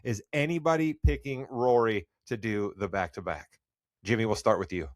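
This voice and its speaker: A man's voice: fairly low pitch, moderate pace, dry recording, clean studio sound. A man hosting a sports podcast in casual chat, upbeat and rambling at times. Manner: upbeat, loses his train of thought. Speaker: podcast host.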